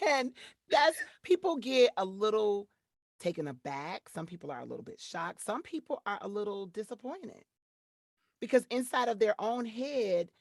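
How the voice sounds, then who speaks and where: A middle-aged woman from Detroit, a voiceover artist, chatting as a guest on an interview show in an animated, playful way. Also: unhurried, long pauses, dry recording, studio quality. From Detroit, Michigan. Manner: animated, playful, acts out quotes in high voices. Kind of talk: casual interview chat.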